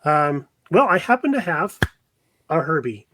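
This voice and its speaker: A man's voice: on the high side, big pitch swings, a little slow, background noise. A man chatting as a podcast guest, joking and telling short stories. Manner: storytelling, joking. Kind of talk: casual chat.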